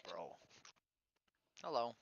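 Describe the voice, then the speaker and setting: A woman's voice: drawn-out words, no room sound. A woman, streaming on a video chat site and pressing strangers with direct, persistent questions. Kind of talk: casual argumentative chat. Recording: dull lo-fi stream audio.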